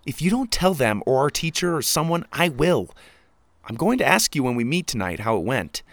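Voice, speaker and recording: A man's voice: mid-range voice, big pitch swings, moderate pace, a bit bright, no room sound. A man voicing a spirited young girl who is bold, protective and insistent. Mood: stern. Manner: urgent, insistent pleading.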